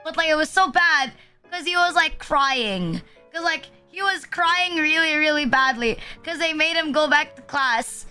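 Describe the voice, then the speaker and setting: A woman's voice: high voice, lively intonation, measured pace, sharp tone, soft background music. A young woman, rambling through a story in a casual chat stream and heaping fillers and self-deprecating asides as she goes. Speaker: VTuber streamer.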